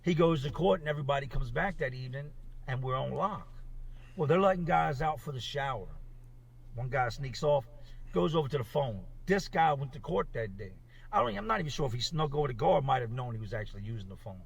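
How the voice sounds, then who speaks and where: Raspy guy rambling through a jail story, kinda far from the mic. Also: medium pitch, fairly quick. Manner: rambling, animated retelling. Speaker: former inmate telling a jail story. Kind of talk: casual storytelling.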